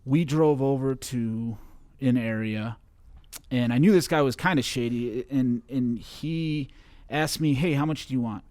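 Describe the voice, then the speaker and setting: A young man from Chicago, a guest on an interview show, recounting a personal story in a halting way with many fillers and restarts. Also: medium pitch, darkish tone, no room sound.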